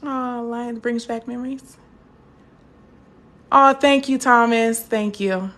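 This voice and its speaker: A woman's voice: a little high, takes it slowly, a bit bright. A young woman teaching a live math lesson, chatty and encouraging, stopping to answer viewer comments.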